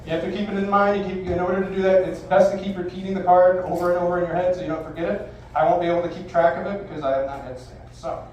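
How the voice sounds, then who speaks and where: A man in his forties works a live bar crowd as a magician, his voice sitting high for a man. His patter is brash, theatrical and salty. The sound is heavily echoey, picked up from well off the mic with a faint hiss behind it. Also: level tone, rapid-fire, a little mellow, recorded from a distance, dull audio. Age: 40s. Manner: brash, profane, theatrical showman. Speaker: stage magician. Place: live bar venue stage.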